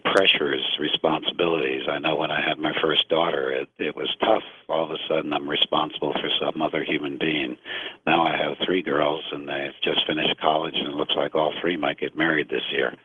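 Man in his fifties, radio guest, very deep voice, husky, earnest and hesitant, tinny phone-like sound. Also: no echo. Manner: slow, earnest, many hesitations. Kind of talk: call-in radio talk. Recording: narrow phone-like line.

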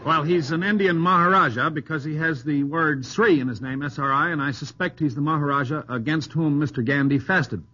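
A man's voice: fairly high pitch, fairly quick, hardly any pauses, sharp tone, husky. A man on a radio quiz panel who gives precise, explanatory answers in a slightly dry manner. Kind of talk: knowledgeable answers on a quiz show. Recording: dull old radio broadcast.

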